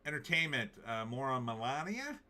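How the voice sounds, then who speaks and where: A man's voice: medium pitch, big pitch swings, moderate pace, sharp tone. A man hosting a political commentary show, giving opinionated, emphatic takes and reading out viewer comments.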